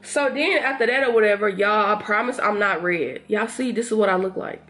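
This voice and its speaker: A young woman vlogger chatting to her viewers while doing her makeup, telling a story in an animated way and acting out what people said. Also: medium pitch, fairly quick, soft background music. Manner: animated, talks to viewers as y'all, acts out quotes. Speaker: beauty vlogger.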